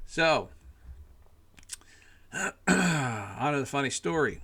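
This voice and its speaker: A man ranting in a casual monologue, rambling and exasperated, swearing often and filling pauses with "you know". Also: mid-range voice, expressive, bright, forceful tone, husky. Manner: profane, rambling, exasperated, lots of fillers. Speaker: podcast host.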